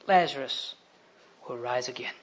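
A preacher doing a hushed, unhurried Jesus. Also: male voice. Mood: calm. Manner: low, quiet and slow. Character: Jesus, calm unhurried teacher. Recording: dull lo-fi recording.

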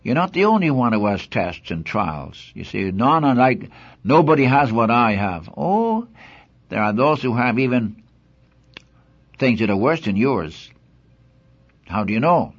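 An older man delivering a Bible teaching sermon in a husky voice, his pitch rising and falling with lively emphasis. He preaches with earnest conviction, leaning on repeated key lines. The recording sounds dull and lo-fi, like an old broadcast. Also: measured pace, long pauses.

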